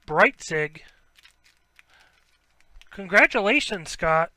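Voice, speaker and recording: Male card-break host, high and bright, unhurried delivery between excited outbursts over hits. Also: no room sound. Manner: rattles off player names, bursts into excited shouts at big pulls. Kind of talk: live sports card break commentary.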